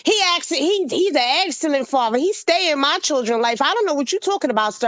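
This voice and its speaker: A woman in her forties arguing on a livestream panel, forceful and indignant, firing off rhetorical questions. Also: high-pitched, expressive, a little fast, few pauses, dry recording. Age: 40s. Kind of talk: heated panel debate.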